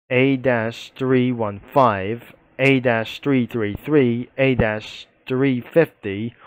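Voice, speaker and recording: A man giving halting voice-over commentary on a game, slowly reading out long lists of character names. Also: mid-range voice, no echo. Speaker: game video narrator.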